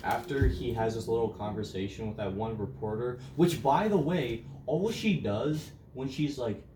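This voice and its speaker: A man's voice: medium pitch, normal speed, mellow. A man co-hosting a casual movie review chat, rambling and restarting his thoughts as he goes. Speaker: podcast co-host. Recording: roomy, distant mic, faint hiss.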